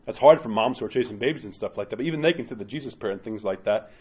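A man's voice: on the low side, very fast, darkish tone, breathy edge, lo-fi sound. A man giving an informal homily as an Orthodox priest, speaking directly and often ending points with a tag question. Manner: conversational and direct, many tag questions, acts out quoted parishioners.

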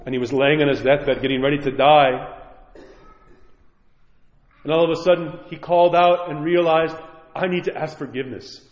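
A man's voice: on the high side, flat delivery, moderate pace, long pauses. A man preaching a sermon as a priest, earnest and emphatic as he exhorts and tells a story. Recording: echoey hall, dull lo-fi sound.

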